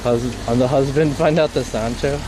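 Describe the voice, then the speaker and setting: A man's voice: medium pitch, fairly even intonation, normal speed. Rambling cursing man streaming outdoors. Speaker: IRL streamer. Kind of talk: casual live-stream storytelling. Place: outdoors on a city street in light rain. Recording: street noise behind.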